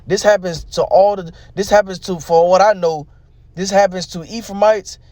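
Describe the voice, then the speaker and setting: A man's voice: high voice, steady tone, moderate pace, darkish tone, no echo. A man giving street-preacher style religious commentary, profane, emphatic and repetitive.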